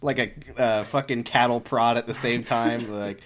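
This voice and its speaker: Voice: medium pitch, steady tone, normal speed, crowd noise. A podcast co-host chatting casually, making dry, dismissive asides. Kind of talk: casual comic chat.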